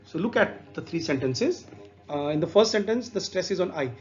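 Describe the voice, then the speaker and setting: A man with an Indian English accent gives an exam-prep lecture in a high voice. He explains slowly, repeating examples aloud and leaning on "okay". The recording is slightly dull, with faint music underneath. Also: expressive.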